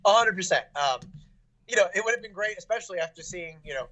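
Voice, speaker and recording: A man's voice: high-pitched, lively intonation, fast, bright, forceful tone, muffled recording. A young adult man, a fighter, talking casually in an interview, rambling with lots of fillers and restarts.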